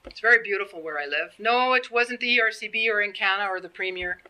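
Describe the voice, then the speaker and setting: A woman's voice: medium pitch, quick pace, pushed and bright, rough recording. A woman in her fifties giving a public presentation, earnest and plain-spoken, acting out the conversations she retells. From Canada. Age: 50s. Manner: earnest, plain-spoken, acts out quoted exchanges.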